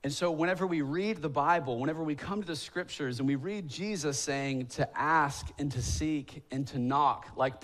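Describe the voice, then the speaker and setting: Higher-voiced man preaching a sermon. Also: fairly bright tone. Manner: conversational storytelling with self-deprecating humor; acts out quoted voices, rising to emphatic pleading. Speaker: pastor. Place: church sanctuary.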